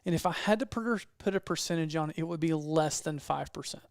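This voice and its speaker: A man's voice: fairly high pitch, brisk, vocal fry, dry recording, clean studio sound. Southern American man, joking podcast host. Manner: joking, laughs often. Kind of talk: casual chat.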